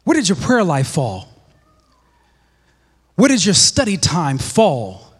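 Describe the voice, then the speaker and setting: A man preaching a sermon in a church, emphatic and repetitive, often dropping to a hushed low voice for weight. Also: huge pitch swings, slow pace, pauses often, husky, big-room sound. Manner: emphatic, repeats phrases, drops to hushed lows.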